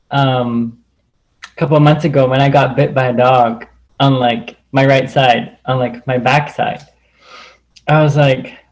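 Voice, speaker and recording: A man's voice: medium pitch, darkish tone, lo-fi sound. A man on a video call telling a personal story in a rambling way, full of "like" and acted-out quotes. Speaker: group call participant.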